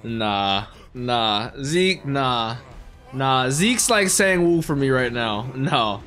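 A man reacting live to an anime episode, swinging between hushed dismay and loud excited outbursts. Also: mid-range voice, very slow, soft background music. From United States.

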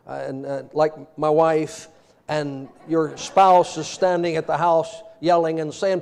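At normal speed, a man whose voice sits on the high side gives a humorous sermon. He animatedly tells stories from everyday life, often laughs, and cites old-fashioned scripture.

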